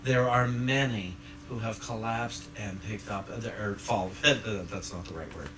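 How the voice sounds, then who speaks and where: A man preaching a sermon to a congregation, swinging between hushed and loud, laughing along with the room. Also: lowish voice, a little slow. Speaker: pastor. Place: church sanctuary with congregation. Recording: echoey church, distant mic, audible hiss.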